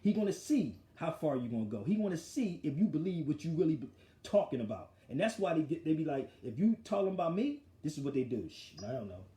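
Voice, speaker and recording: Animated storytelling man, roomy echo. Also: a little high, fast talker. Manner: forceful, animated retelling of an argument. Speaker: show host. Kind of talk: casual street talk storytelling.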